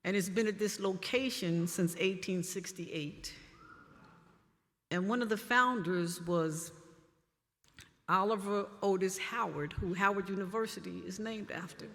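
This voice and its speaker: A woman's voice: medium pitch, unhurried, a bit bright. A woman poet speaking in an earnest, heartfelt way at a live reading in a church hall. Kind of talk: live poetry reading and audience talk. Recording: reverberant hall, live jazz, audience.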